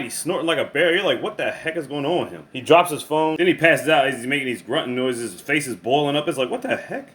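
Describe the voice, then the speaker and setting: A man casually recapping a movie plot in slangy, profane, animated storytelling, acting out the characters' lines. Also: medium pitch. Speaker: movie reviewer.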